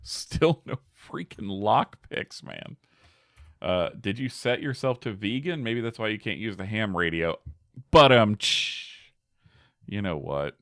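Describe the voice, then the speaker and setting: A man's voice: lowish voice, animated, a little slow, no room sound, clean studio sound. A man giving casual gameplay commentary as a streamer, chatty, laughing often and talking back to his chat.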